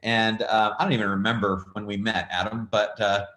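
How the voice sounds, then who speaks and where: A man's voice: on the low side, level tone, brisk, pushed and bright. A man hosting a video call, welcoming everyone and introducing his guest in a friendly way, with lots of fillers. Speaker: host. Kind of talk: casual chat. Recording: roomy echo on call audio.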